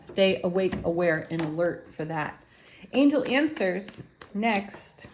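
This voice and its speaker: Gentle low-voiced woman reading cards. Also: lively intonation, slow, background noise. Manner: gentle, affirming, with soft laughs. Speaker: tarot card reader. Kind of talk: spiritual card reading.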